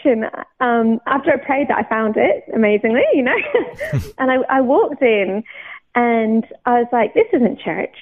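A woman with a fairly high voice tells her faith story with lively storytelling, acting out what she once thought. The sound is thin and narrow, like a phone line heard over the radio. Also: moderate pace. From United Kingdom. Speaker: interview guest. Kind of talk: personal faith testimony.

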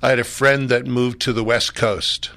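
An older man from Philadelphia, a pastor telling his life story in a relaxed, chuckling, rambling way during a radio interview. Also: mid-range voice, moderate pace, no echo.

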